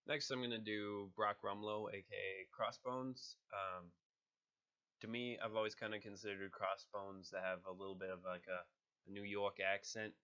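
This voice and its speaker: A man with a low, bright-edged voice talks casually and a bit hesitantly about his impressions. He sounds nasal from being sick, and the home recording is dull and lo-fi. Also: fairly even intonation, normal speed. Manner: chatty, hesitant with fillers. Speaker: hobby voice actor. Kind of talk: casual talk to camera.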